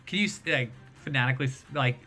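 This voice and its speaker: A man hosting a casual livestream chat, rambling and animated as he tells stories. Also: medium pitch, quick pace, faint music behind. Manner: rambling, animated storyteller who mimics voices.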